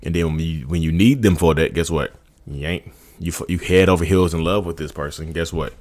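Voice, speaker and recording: A vlogger discussing narcissism talks directly to his viewers in a casual, informal way, often restarting and repeating phrases. His voice is low, brisk, and darkish in tone.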